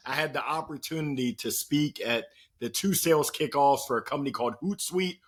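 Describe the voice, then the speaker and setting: A man speaking as a podcast guest and motivational speaker, telling stories in a playful, animated way and acting out the voices of the people he quotes. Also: medium pitch, brisk. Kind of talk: energetic storytelling conversation.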